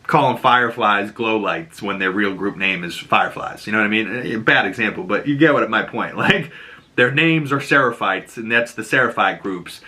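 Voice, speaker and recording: A man with a Boston accent chatting casually as he recaps a TV episode, telling the story with animated energy, acting out the characters' lines and cursing now and then. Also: fairly low pitch.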